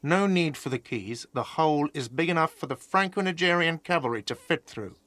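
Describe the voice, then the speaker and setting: Game role: an irritable middle-aged cafeteria manager, touchy and dry-voiced. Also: male voice, fairly high pitch, expressive, a little fast, fairly bright tone, no echo. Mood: grumpy. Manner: defensive, irritable, snippy. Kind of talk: video game voice acting.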